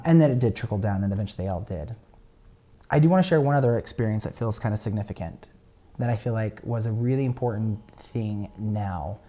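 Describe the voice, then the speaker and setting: A young man and podcast guest telling a story in a casual, animated way, with plenty of fillers and restarts. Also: lowish voice.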